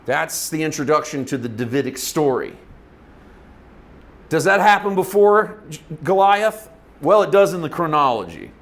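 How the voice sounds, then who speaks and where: A man teaching a Bible lesson, retelling the story in an informal, animated way and laughing often. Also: on the high side, moderate pace, long pauses.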